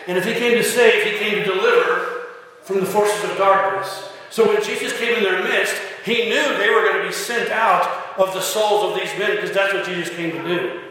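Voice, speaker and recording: A man's voice: high voice, normal speed, pushed and bright. A man preaching a sermon earnestly, restarting phrases and acting out quoted lines with emphasis. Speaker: pastor. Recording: echoey hall with long reverb.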